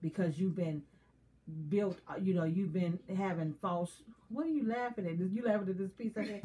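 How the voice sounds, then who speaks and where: A woman's voice: medium pitch, normal speed, mellow, slight background noise. A woman co-hosting a casual chat who talks candidly and confessionally and often laughs. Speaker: co-host.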